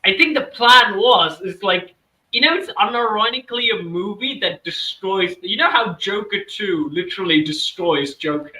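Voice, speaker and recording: A man's voice: high voice, normal speed, sharp tone. A man co-hosting a casual podcast chat, rambling with lots of fillers and restarts. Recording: roomy and distant from the mic.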